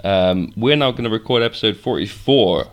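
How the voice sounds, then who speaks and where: A man's voice: fairly low pitch, normal speed. A young man co-hosting a podcast, a bit tipsy, rambling, laughing and swearing freely. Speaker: podcast co-host. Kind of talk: irreverent casual chat.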